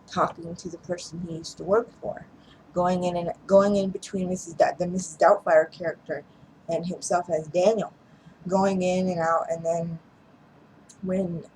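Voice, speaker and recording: A woman's voice: on the low side, darkish tone, a little hiss or hum, rough recording. A woman casually retelling a movie plot in a rambling way, with restarts and chuckles. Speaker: movie reviewer.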